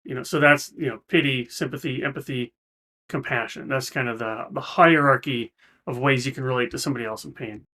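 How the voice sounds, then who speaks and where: A man's voice: mid-range voice, fairly quick, sharp tone. A man hosting a reaction video, explaining ideas in a thoughtful, casual way with frequent restarts. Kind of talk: casual commentary.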